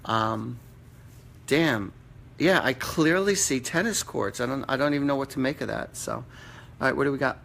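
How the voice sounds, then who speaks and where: Gravelly-voiced man giving casual readings. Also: medium pitch, normal speed, fairly bright tone, a little hiss or hum. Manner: casual, blunt, mild swearing. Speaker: psychic medium host. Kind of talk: live-stream psychic readings. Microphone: computer or phone mic on a live stream.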